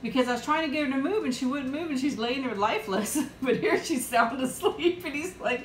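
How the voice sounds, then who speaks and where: A woman's voice: high voice, brisk, few pauses, a little hiss or hum. Chatty woman in an echoey room. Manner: chatty and rambling, laughs often. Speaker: livestream host. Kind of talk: casual live-chat eating stream. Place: home.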